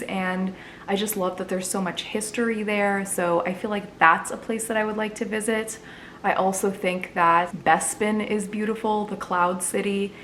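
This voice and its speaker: A woman's voice: medium pitch, a little hiss or hum. A young woman chatting casually in a vlog, answering viewer questions with lots of fillers. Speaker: book vlogger.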